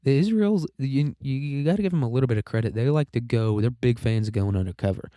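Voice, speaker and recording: A man's voice: mid-range voice, fast talker, mellow, no room sound, studio quality. A man hosting a casual political commentary monologue, sarcastic, profane and rambling, and a little congested with frequent coughing. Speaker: podcast host.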